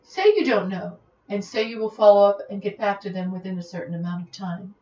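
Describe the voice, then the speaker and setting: A woman's voice: mid-range voice, dark tone. Woman coaching on dull lo-fi podcast audio. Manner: deliberate, instructive coaching delivery. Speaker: executive leadership coach. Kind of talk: podcast monologue.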